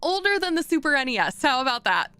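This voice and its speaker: A woman's voice: sits high, very animated, quick pace, pushed and bright, no room sound, faint music behind. A woman streaming as a VTuber, chatting casually and rambling as she thinks aloud while working, often laughing. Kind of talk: casual live-stream chat.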